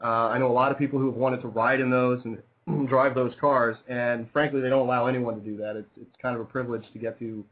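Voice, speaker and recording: A man's voice: mid-range voice, flat delivery, quick pace, hardly any pauses. A man hosting a radio show, chatting casually and rambling, plugging sponsors and reading out the call-in number. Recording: tinny phone-like lo-fi sound.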